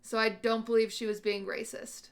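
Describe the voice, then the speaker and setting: A woman's voice: a little high, little pitch movement, moderate pace. A woman hosting a livestream, thinking aloud to her chat in a casual, questioning and unsure way. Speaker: livestream host.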